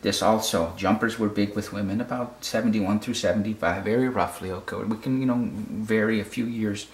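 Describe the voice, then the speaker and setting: Low-voiced guy breaking down a photo, keeps going "okay?", echoey room. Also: fairly even intonation, fairly quick. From United States. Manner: repeats words, checks in with "okay?". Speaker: photography critic. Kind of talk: casual explanatory commentary. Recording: roomy echo.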